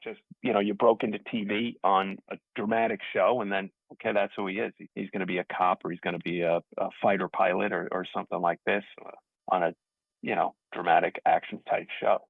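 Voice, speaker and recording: A man's voice: deep voice, flat delivery, fairly quick, vocal fry, husky, dry recording. A man from Staten Island, New York, a guest actor, telling rambling, self-deprecating stories in a casual interview over a remote call. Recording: tinny phone-like dry audio.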